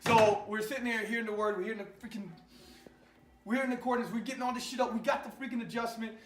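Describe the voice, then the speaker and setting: A man, an Army veteran, telling an animated, profane war story in casual conversation in a garage. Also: very high voice, quick pace, reverberant, recorded from a distance.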